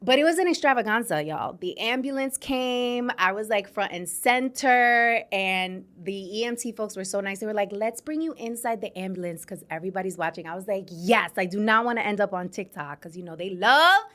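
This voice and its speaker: A woman's voice: mid-range voice, normal speed, hardly any pauses. Chatty new york woman hosting her show, talks right to the listeners, laughs a lot. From New York City. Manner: chatty and animated, laughs often, addresses listeners directly. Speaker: podcast host. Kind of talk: casual storytelling monologue. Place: studio.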